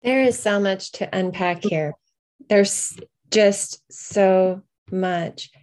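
A woman hosting an interview, speaking in a measured, reflective way. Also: mid-range voice, darkish tone. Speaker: host.

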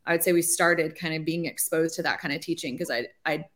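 In an interview, a ministry leader in her forties tells her story in a chatty, conversational testimony, saying "like" often and acting out what she used to think. Her voice sits low and a bit bright, a little fast, with fairly even intonation.

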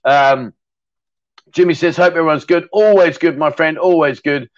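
A man's voice: a little high, normal speed, no room sound. A middle-aged man hosting a casual livestream, chatty and rambling as he reads out viewer comments and laughs easily. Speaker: livestream host. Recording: dull, dry sound.

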